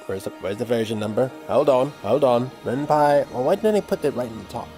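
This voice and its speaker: A man talks his way through a livestream, rambling and thinking aloud as he works. His voice swings freely up and down, sitting in a middle pitch, with faint music playing underneath. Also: lively intonation, brisk, mellow. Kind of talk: casual livestream chat while coding.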